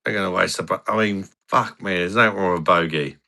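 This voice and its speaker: A man's voice: deep voice, fairly quick, pushed and bright. A man hosting a casual live stream, reading viewer comments aloud with blunt, crude banter. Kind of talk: casual pub-style live stream chat.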